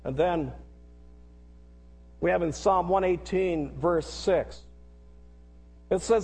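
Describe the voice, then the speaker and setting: A man's voice: sits high, animated, moderate pace, breathy edge, long reverb tail. A middle-aged man preaching a sermon in an earnest, repetitive way, leading the congregation to repeat lines after him. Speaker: pastor.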